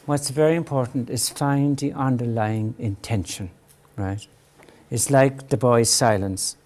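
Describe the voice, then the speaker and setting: An older man giving an earnest talk on parenting as a psychologist. He often tags his points with a questioning "right?" and acts out parents' voices at a higher pitch. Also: unhurried, darkish tone. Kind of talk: lecture to parents.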